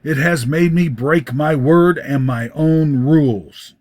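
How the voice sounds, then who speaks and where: A man's voice: fairly high pitch, slow pace, darkish tone, pitched above the performer's own voice. A man voicing a young man caught between temptation and a promise, pleading and crying out in a storybook reading. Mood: steady. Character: young man, torn and desperate.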